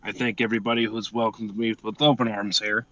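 A man's voice: lowish voice, flat delivery, fast, sharp tone, no echo. A man co-hosting a podcast, casually swearing while reading out thank-yous. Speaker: podcast co-host. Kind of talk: casual chat. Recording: dull dry lo-fi mic.

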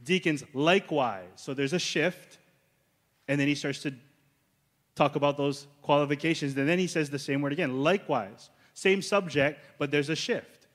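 A man's voice: a little high, normal speed, a bit bright, in a large hall. A male pastor teaching a sermon in a conversational way, often checking in with the congregation.

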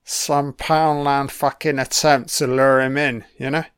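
A man's voice: mid-range voice, little pitch movement, measured pace, fairly bright tone, smooth, no echo, clean studio sound. A British man giving an audio commentary over a film, swearing constantly and heckling the characters on screen.

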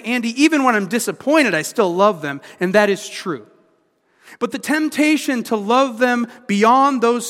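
A man preaching to his congregation in an easy, conversational way, asking questions of his listeners. His voice sits high for a man. The sound rings out with the long reverb of a church hall. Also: fairly bright tone. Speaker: pastor. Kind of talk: sermon.

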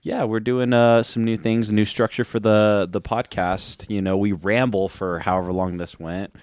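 A man's voice: fairly low pitch, fairly even intonation, normal speed, darkish tone, clear, resonant tone, no room sound, studio quality. A man co-hosting a podcast in casual chat, rambling, laughing and asking questions. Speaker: podcast co-host.

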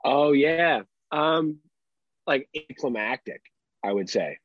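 A man co-hosting a podcast, telling animated stories about his toddler, swearing freely and laughing often. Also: medium pitch, slow, no room sound, highs cut off. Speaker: podcast co-host, father. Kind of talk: casual chat.

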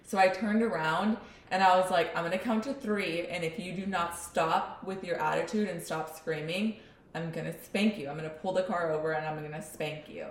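A woman's voice: fairly low pitch, fairly even intonation, moderate pace, roomy sound. A young woman co-hosting a podcast who tells stories with animation and acts out her son's voice. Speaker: podcast co-host. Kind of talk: casual chat.

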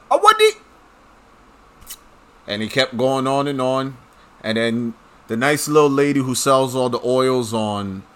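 A man's voice: medium pitch, a bit bright. Blunt, profane man ranting. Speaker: commentator. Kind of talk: casual ranting monologue.

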